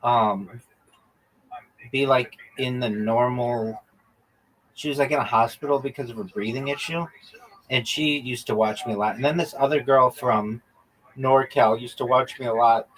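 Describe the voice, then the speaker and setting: A man's voice: medium pitch, fairly even intonation, moderate pace, fairly bright tone, poor audio. A man livestreaming a game, teasing and swearing at his teammates and telling chatty stories in which he acts out both sides of a conversation. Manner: profane, teasing banter with teammates; chatty storytelling, acting out quoted exchanges. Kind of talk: casual gaming livestream chat.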